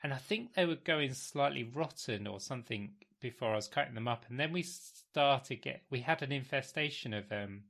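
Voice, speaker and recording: A man's voice: medium pitch, lively intonation, normal speed, gravelly, few pauses, a bit bright. A man co-hosting a casual chat podcast, telling meandering anecdotes and easily amused. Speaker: podcast co-host.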